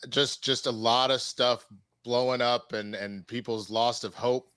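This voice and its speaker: A man's voice: medium pitch, steady tone, a little slow, a bit bright, smooth, no echo. A man on a casual panel chat who gives his opinions in a forthright way.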